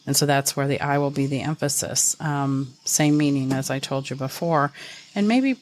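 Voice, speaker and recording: A low-pitched, middle-aged woman speaks alone into her podcast mic in a thoughtful, earnest way. She slows down to press on single words. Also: darkish tone. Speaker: podcast host. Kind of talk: reflective solo podcast talk.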